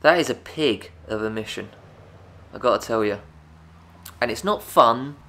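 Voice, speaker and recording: Gravelly Essex man, slow gaming chat. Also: medium pitch. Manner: chatty, excitable, talks to viewers. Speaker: gaming YouTuber. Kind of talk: let's play commentary.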